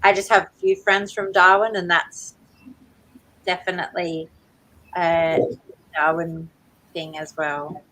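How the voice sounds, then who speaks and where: A woman's voice: on the low side, level tone, slow pace, pauses often, a bit bright, rough recording. A woman chatting casually and agreeably on a livestream. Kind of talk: casual chat.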